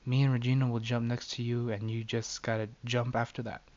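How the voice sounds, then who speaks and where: A man's voice: medium pitch, little pitch movement, brisk, a little mellow, muffled recording, lightly acted. A man voicing a cruel, mocking teenage girl bully who switches to a whiny fake-cute tone. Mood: pushy. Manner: taunting, fake-cute whining.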